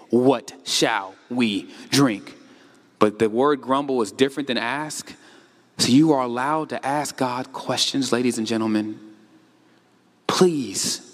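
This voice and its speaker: A man pastor preaching a sermon, animated, acting out the complaints of his congregation. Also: high-pitched. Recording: long hall reverb.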